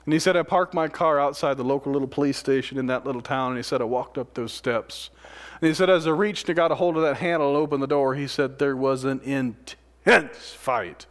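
A man preaching a sermon, retelling another man's story in his words, swinging between loud passages and near-whispers. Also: medium pitch, fairly quick. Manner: dramatic, swings from loud to hushed.

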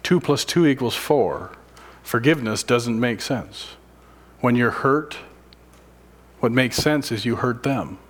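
Husky-voiced man preaching with dramatic whispers. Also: medium pitch, expressive, slow. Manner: swings from loud emphatic lines to hushed whispers. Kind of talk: sermon.

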